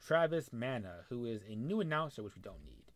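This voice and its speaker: Casually commentating on a wrestling management game, a young man mutters, thinks aloud, and talks to the on-screen characters. His mid-range voice is sing-song and fairly quick, with no echo.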